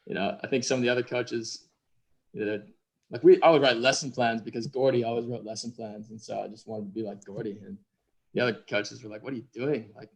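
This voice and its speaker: A man from Minnesota chats as a podcast guest over a remote call. His pitch sits mid-range for a man, and his talk is easygoing and self-deprecating. He pads his sentences with plenty of "you know". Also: fairly even intonation, fairly quick, gravelly, slightly rough. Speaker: guest sailor. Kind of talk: casual conversation.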